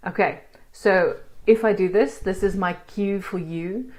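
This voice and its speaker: Slow-paced patient woman teacher. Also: medium pitch, darkish tone. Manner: patient, explains step by step. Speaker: Afrikaans teacher. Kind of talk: online language lesson.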